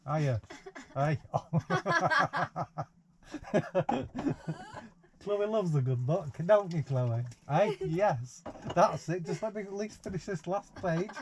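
Captured on a 360 VR camera with slight background noise, a man reads a picture book to a baby in a caravan. He speaks slowly in a high-pitched, very animated voice, stopping to tease and play with the child.

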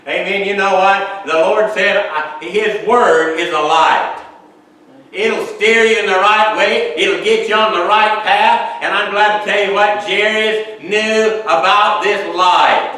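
Preacher in an echoey church. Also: male voice, high-pitched, fairly even intonation, takes it slowly, pushed and bright. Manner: reads scripture aloud, then preaches with frequent amens and hallelujahs. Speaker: pastor. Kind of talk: sermon. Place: church sanctuary. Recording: echoey church hall, mic far off.

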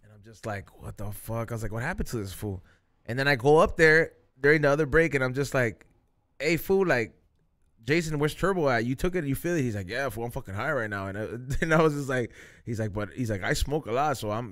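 A man's voice: mid-range voice, animated, a little fast, a bit bright. A young man hosting a podcast, telling a loose, profane story in casual chat, full of slang and dropping Spanish phrases. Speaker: podcast host.

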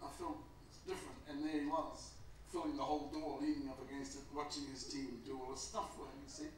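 Laughing New storyteller in echoing hall. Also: male voice, medium pitch, brisk, slight background noise. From New Zealand. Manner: laughs often and acts out quoted voices. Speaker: guest speaker at an academic gathering. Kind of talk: animated anecdotal storytelling. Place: large meeting house. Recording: echoey hall picked up from a distance.

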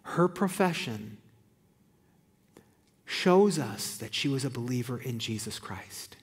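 A man's voice: medium pitch, expressive, slow pace, slightly rough. A man pastor preaching a sermon in a church auditorium, reading scripture aloud with rising, emphatic peaks. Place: church auditorium with balcony and online audience.

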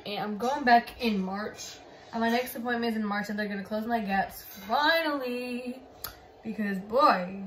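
This YouTuber chats in a rambling way about her phone, leaning on "like" and "y'all". Her voice is a little high, she's far from the mic, and there's roomy echo plus slight background noise.

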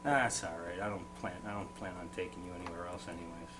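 A man's voice: deep voice, steady tone, fast, music in the background, close to an everyday voice. A man playing a cocky, rude male construction worker on a date in a comedy sketch, talking with boastful swagger, recorded with noise and hum. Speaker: sketch actor. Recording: noisy amateur recording with hum.

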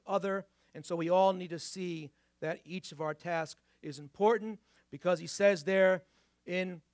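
A male pastor delivers a sermon in a church, his accent mixing New York and Boston. His voice sits high for a man and sounds close and dry. He keeps it conversational, slowing down on key points and asking the room rhetorical questions. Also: no room sound. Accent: mix of New York and Boston. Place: church sanctuary.

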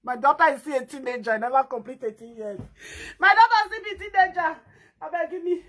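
A woman with a Nigerian accent performs a comic skit in Pidgin English, her high voice moving fast. She fake-cries with sing-song sobbing, wailing and laughing loudly.

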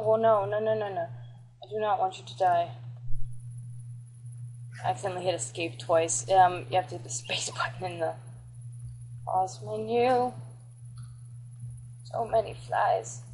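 A woman chatting excitably and swearing while she plays a video game and comments on it. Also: medium pitch, a little hiss or hum, low-quality recording. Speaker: gameplay commentator. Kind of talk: casual gameplay commentary.

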